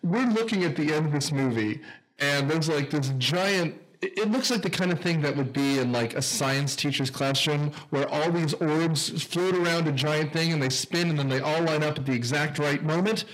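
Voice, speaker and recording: Male podcast co-host, slightly high pitch, animated profane ranting about films. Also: moderate pace, low-quality recording. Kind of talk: casual movie commentary chat.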